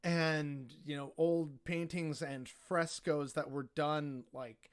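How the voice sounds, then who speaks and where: As a podcast guest, a man rambles casually through travel stories, leaning heavily on fillers like "like" and "you know." His voice is smooth and on the high side, with fairly even intonation and a slow pace.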